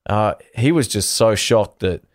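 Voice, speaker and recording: A laid-back man with a fairly low voice chats on a live stream about guitar gear. He rambles and restarts his sentences in an easygoing way, and the sound is close and dry. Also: animated, a little slow, no room sound. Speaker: guitar channel host. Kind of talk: casual livestream chat answering viewers.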